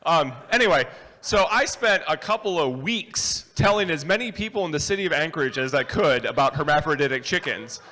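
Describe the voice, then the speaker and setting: Animated man telling a story on stage. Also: on the high side, fairly quick. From rural New York. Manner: animated, self-mocking, acts out dialogue. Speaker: conference speaker. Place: large hotel ballroom. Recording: live hall with long reverb.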